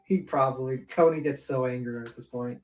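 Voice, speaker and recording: A woman's voice: rumbling low, fairly quick, soft background music. A woman panelist on a livestream, chatting casually and ranting bluntly with plenty of swearing. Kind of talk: casual chat. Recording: echoey room.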